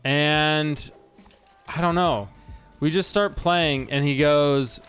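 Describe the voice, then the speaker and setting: A man's voice: medium pitch, fairly even intonation, unhurried, a bit bright. A man chatting casually on a game stream, telling a long story with many restarts and fillers. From Washington state. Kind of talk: casual stream chat while gaming. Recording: faint music underneath.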